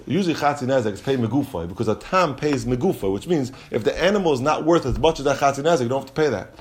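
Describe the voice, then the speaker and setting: A man teaching a Talmud class explains the material in a slightly high voice with a study singsong. He weaves Hebrew and Aramaic terms into his explanations.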